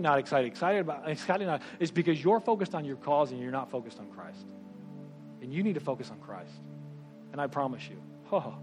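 A man preaching a sermon, animated and conversational, swinging between loud bursts and hushed asides, with quick rushed remarks. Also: on the high side. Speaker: pastor.

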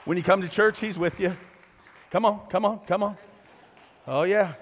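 A man preaching a sermon in a church, animated and exhorting, with call-and-response asides to the congregation. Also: high voice, moderate pace, a little hiss or hum. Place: church sanctuary. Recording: long reverb of a large hall.

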